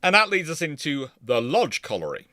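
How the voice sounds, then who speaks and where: A man's voice: fairly high pitch, sing-song, normal speed, pushed and bright, no echo, studio quality. A man presenting naval history in a casual lecture, rambling and correcting himself as he goes. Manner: rambling, self-correcting, chuckling.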